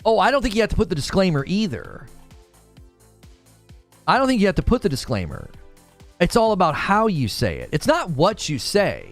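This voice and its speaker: A man runs a casual gaming livestream and argues his case to chat with lots of energy, his pitch swinging up and down as he restarts sentences. His voice sits a little high for a man. Soft music plays faintly behind him. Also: moderate pace, long pauses. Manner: animated, argumentative, restarts mid-sentence. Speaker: gaming commentator and show host.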